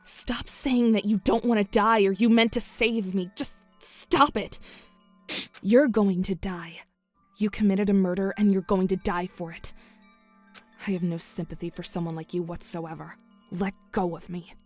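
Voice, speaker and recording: Woman for a cold, cutting young protagonist, measured and unhurried delivery. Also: fairly even intonation, dry recording, soft background music, natural voice. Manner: cold and cutting, low and hushed. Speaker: voice actor in a fan-made game. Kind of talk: voiced visual novel dialogue.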